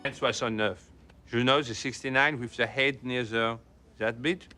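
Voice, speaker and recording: Smug French race-car driver, bright and sharp-toned, theatrical put-on accent, played by a male actor. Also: medium pitch, fairly even intonation, moderate pace, soft background music, lightly acted. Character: cocky French male racing driver, adult.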